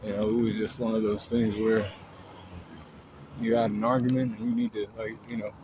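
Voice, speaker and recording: A man with a lowish voice retells a story in a loose, rambling manner, padding it with fillers and casual swearing. Road noise from vehicles hums clearly behind him. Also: little pitch movement, moderate pace.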